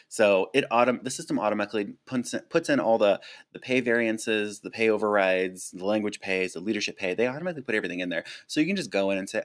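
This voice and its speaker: Casual live-stream host: a chatty, animated man with a lowish voice, close mic. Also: a little fast. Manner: chatty and animated, lots of fillers and restarts. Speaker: flight attendant streamer. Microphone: close desk mic.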